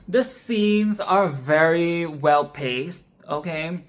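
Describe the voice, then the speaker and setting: A woman's voice: on the low side, animated, takes it slowly. A woman casually discussing a film she loves, emphatic and profane, repeating her points with "okay?". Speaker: film reviewer.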